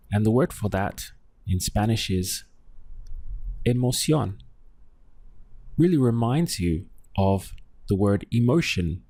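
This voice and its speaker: A man with a fairly low voice leads a language lesson at a very unhurried pace, pausing to quiz the listener. The sound is dry and close, with no room echo. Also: darkish tone. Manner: patient, quizzing the listener and modeling words slowly. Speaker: Spanish teacher. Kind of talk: slow, deliberate language lesson.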